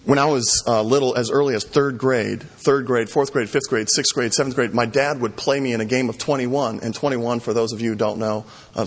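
A man preaching a sermon, animated, acting out sarcastic taunts in the passage he explains. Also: mid-range voice, breathy edge, big-room sound. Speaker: pastor.

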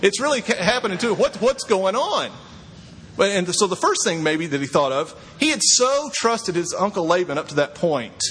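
A middle-aged man preaching a sermon as a pastor, swinging from quiet asides to high, incredulous exclamations. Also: very animated, normal speed, husky. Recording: long hall reverb, faint ambience.

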